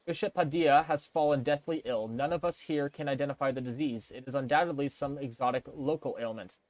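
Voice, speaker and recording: A man's voice: medium pitch, fairly quick, a little mellow, no echo, close to an everyday voice, low-quality recording. Male reader voicing a worried accented game monk, urgent and formal, dry sound. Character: anxious middle-aged male monk with an accent.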